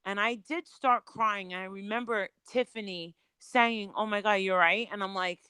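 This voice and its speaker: A woman's voice: medium pitch, fairly even intonation, moderate pace, pushed and bright, clean tone, dry recording, poor audio. A woman on a remote call, telling a personal story as a panel guest in a candid, chatty way with some swearing.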